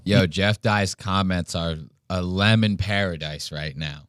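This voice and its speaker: Man, podcast host, profane mocking rant, bright sharp voice, dry close sound. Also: deep voice, steady tone, measured pace, no echo. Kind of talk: ranting reaction commentary.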